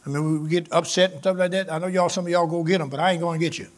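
A man in his seventies preaching a sermon in a church, shouting in rhythmic call-and-response and slipping into folksy, joking asides. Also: on the high side, steady tone, racing.

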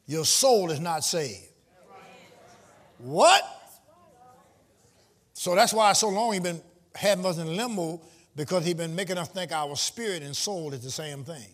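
A man preaching a sermon to a live congregation, calling out questions, teasing the listeners and rising into shouts. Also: on the high side, moderate pace. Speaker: pastor. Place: church before a live congregation.

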